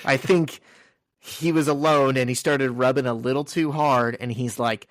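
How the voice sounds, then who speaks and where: A male podcast co-host with a mid-range voice and fairly even intonation talks at normal speed, recorded in studio quality with no echo. He casually recaps a comic, recounting its scenes in order and dropping crude jokes along the way.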